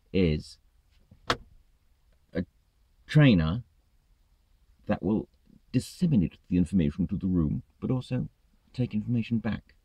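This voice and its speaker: Low, gruff trucker on a sweary vlog rant, dry dull lo-fi recording. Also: male voice, no echo. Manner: exasperated, sweary ranting. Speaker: truck driver vlogger. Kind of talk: ranting vlog monologue.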